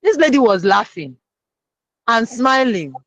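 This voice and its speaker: Guest testimony, lively storytelling, mid pitch, dry. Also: unhurried, dry recording. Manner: lively retelling that acts out the people in the story. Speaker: guest sharing a personal lesson.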